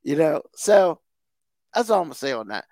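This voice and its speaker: A man's voice: a little high, sing-song, moderate pace, a little mellow, dry recording, clean studio sound. A man co-hosting a podcast, ranting heatedly about TV and football, swearing constantly and repeating himself for emphasis. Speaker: podcast co-host. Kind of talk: casual profane rant.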